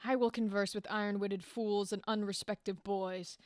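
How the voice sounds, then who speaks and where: A woman reading a scheming male king's lines aloud from a play, slow and deliberate. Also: mid-range voice, steady tone, dry recording, clean studio sound, natural voice. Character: scheming male king plotting murders.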